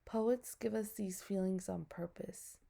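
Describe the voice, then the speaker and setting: A woman's voice: medium pitch, steady tone, measured pace, gravelly, dark tone. A woman teacher giving a recorded lesson to her students, explaining patiently step by step and asking them questions.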